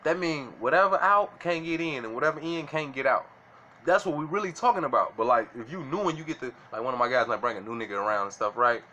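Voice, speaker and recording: Casual vlogger, man, slangy and bright, faint noise behind. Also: medium pitch, lively intonation, fast talker, dull audio. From Illinois. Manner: slangy, keeps asking "you know what I'm saying". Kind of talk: casual monologue to camera.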